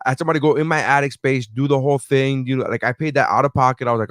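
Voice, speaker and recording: Animated man ranting about his internet. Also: medium pitch, very fast, hardly any pauses, no echo, clean studio sound. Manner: animated storyteller, swears freely, acts out phone calls. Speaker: podcast co-host. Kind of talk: casual podcast chat.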